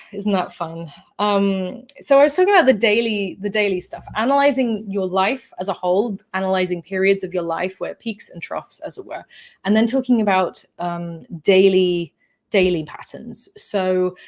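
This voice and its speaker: A woman with a slightly shifted English accent, hosting a casual livestream Q&A and answering chat comments with many fillers, restarts and apologies. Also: mid-range voice. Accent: English, shifted by living in the Netherlands. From England. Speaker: livestream host.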